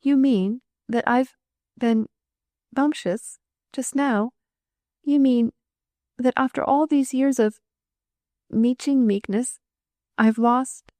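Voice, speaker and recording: Woman doing a timid young nurse, high and plaintive. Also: takes it slowly, pauses often, darkish tone, dry recording. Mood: distraught. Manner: eager, stammering, plaintive. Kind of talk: audiobook character voice.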